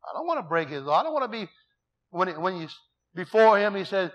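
A middle-aged man preaching a sermon in a folksy, emphatic way, reading scripture slowly and telling stories full of quoted dialogue. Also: high voice, big pitch swings.

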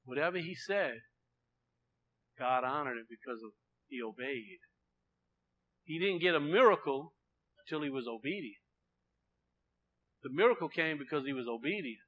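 A man preaching a sermon, swinging between loud proclaiming and quiet, low asides, often repeating himself. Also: lively intonation, normal speed, pauses often, muffled recording.

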